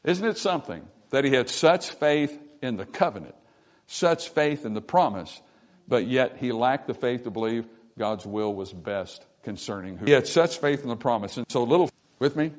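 A man preaching a sermon to his congregation, swinging between quiet, intimate stretches and loud, emphatic ones. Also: mid-range voice, lively intonation, moderate pace. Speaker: pastor. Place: church sanctuary.

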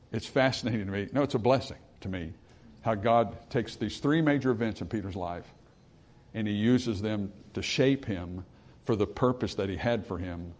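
A man preaching a sermon to his congregation in an earnest voice. He rises for emphasis and then drops low and quiet. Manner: reads scripture in old-style phrasing.

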